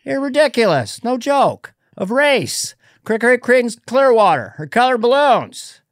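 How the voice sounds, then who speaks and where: A man's voice: very high-pitched, sing-song, measured pace, no echo, clean studio sound, pitched above the performer's own voice, full character voice. A man doing an impression of a rambling elderly male president who mangles his words. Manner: rambling, mangled phrases, yelling.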